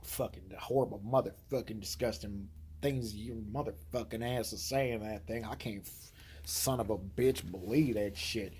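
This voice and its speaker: A man's voice: fairly low pitch, moderate pace, darkish tone, a little hiss or hum, voice pushed down, close to an everyday voice. A man putting on his crude, foul-mouthed redneck trucker brother in a comic impression, blustering and scolding with nonstop profanity.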